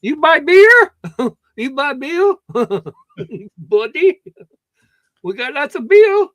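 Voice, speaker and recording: A man's voice: very high voice, lively intonation, measured pace, no room sound, pitched above the performer's own voice. A man putting on the voice of an insincere, fawning male store clerk, in a sing-song, exaggerated mocking way.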